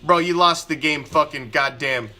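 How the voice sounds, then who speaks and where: A man's voice: on the high side, normal speed, pushed and bright. A man hosting a live fan show, ranting angrily and with heavy profanity about his team's quarterback. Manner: angry, profane, emphatic ranting with repetition. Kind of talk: ranting live sports commentary.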